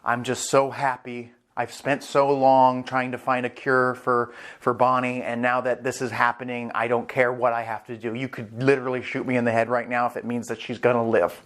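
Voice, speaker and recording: A gentle, devoted father, played by a man, speaking softly and earnestly. His voice is at a plain mid-range male pitch. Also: level tone, normal speed, hardly any pauses, lightly acted.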